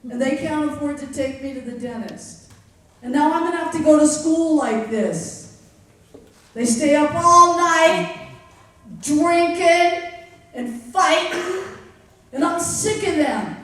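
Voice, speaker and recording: A woman telling a story live on stage, deliberate and dryly wry, confiding in the audience. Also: very high-pitched, fairly bright tone. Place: theater stage. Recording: echoey theater from far off.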